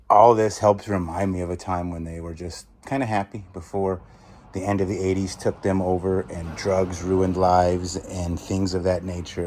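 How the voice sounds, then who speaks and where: A middle-aged man hosting a casual unboxing vlog, chatty and eager with viewers, sometimes dropping into an amazed hushed whisper. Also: low-pitched, a little hiss or hum. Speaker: storage auction reseller and channel host.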